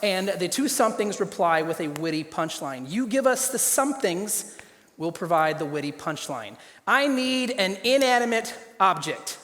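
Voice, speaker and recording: A man emcees a live improv comedy show, upbeat and talking out to a crowd. His voice sits high for a man. A long hall reverb trails each line. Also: lively intonation, normal speed, fairly bright tone. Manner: upbeat, announcing to an audience.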